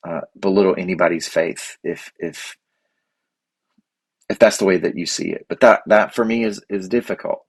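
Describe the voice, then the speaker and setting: A man with a deep voice hosts his own show, thinking out loud in a halting, earnest way. His voice is husky and dry, recorded close with no room sound. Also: dry recording. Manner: halting, many restarts and fillers, earnest. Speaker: podcast host. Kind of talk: unscripted reflective monologue.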